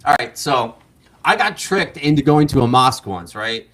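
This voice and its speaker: A man's voice: medium pitch, lively intonation, normal speed, fairly bright tone. A man guest on a live show telling a long story in a casual, rambling way, with many fillers and laughs, talking through a mask. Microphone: wearing a mask.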